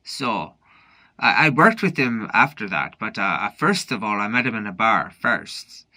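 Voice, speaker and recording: A man's voice: fairly low pitch, very animated, pushed and bright. A drunk man rambling through a late-night monologue in a put-on Irish accent that drifts toward Newfoundland, full of restarts. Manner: rambling, halting, with many restarts. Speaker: vlogger.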